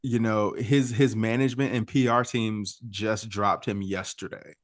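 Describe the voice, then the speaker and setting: A man co-hosting a casual pop culture podcast, talking in an animated, gossipy way with quick asides and laughs. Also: on the low side, no room sound, clean studio sound. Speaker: podcast co-host.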